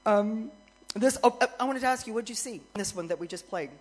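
Animated woman telling a story in a sermon. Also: on the high side, fast talker, slightly rough, poor audio. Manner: animated storyteller, grows excited and loud, laughs. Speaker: worship minister.

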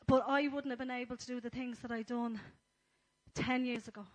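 Woman, church speaker, gentle and flat-toned. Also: fairly high pitch, fairly quick, low-quality recording. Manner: earnest and gentle, with frequent fillers. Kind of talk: sermon talk.

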